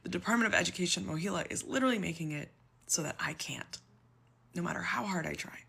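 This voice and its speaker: A woman's voice: on the low side, animated, fast, vocal fry, pushed and bright, husky. A woman in her twenties telling her own story, exasperated and emotional, close to tears. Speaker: public sector worker telling her story. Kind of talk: personal story video.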